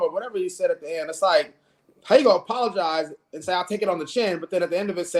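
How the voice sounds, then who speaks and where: A man with a notably high speaking voice argues his case in a casual podcast debate. He talks in an animated way and leans on rhetorical questions to make his point. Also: very fast. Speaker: podcast co-host. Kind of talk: casual debate among friends.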